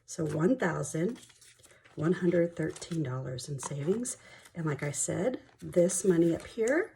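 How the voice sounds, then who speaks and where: A young woman talks through her cash savings, chatty and excitable as she counts bills aloud. Her voice sits low and mellow. A faint hiss sits under the recording. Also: a little slow, vocal fry. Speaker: budgeting vlogger. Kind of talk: casual chat while counting cash.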